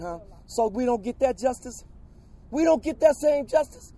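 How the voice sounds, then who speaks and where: An angry man, his voice very high and piercing, shouts a protest speech. The recording is dry and close, with no room sound. He keeps firing the same questions again and again. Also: animated, normal speed, no room sound. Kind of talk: impassioned public speech.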